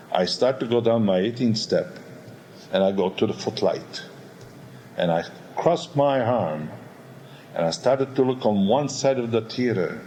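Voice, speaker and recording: A man, an opera baritone, telling a candid backstage story in a rambling, animated way, acting out voices and sounds. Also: slight background noise, rough recording. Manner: animated, acts out quotes and sounds; rambling with many restarts and "all of a sudden". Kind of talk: candid spoken anecdote.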